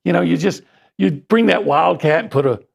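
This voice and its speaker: Gravelly, husky-voiced male sports co-host. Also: on the high side, moderate pace. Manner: joking, rambling, playful. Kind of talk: casual sports talk banter.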